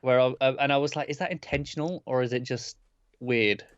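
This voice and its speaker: A man's voice: mid-range voice, a little fast, clear, resonant tone, dry recording. Laid-back man, dull lo-fi sound. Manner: laid-back, short replies. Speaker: podcast co-host. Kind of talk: casual review chat.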